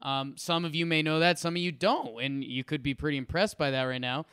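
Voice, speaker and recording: A man co-hosting a sports podcast, rambling with enthusiasm and repeating his words. His voice is smooth and clear and fairly high, and it sits close to a dry mic. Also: fairly even intonation, brisk, a bit bright, no echo. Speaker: podcast co-host. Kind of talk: casual sports podcast chat and ad read.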